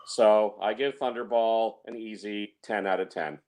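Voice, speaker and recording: A man's voice: fairly low pitch, fairly even intonation, measured pace, a little mellow, rough recording. Man earnestly praising a film. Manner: enthusiastic, earnest. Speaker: film reviewer. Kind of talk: casual film discussion.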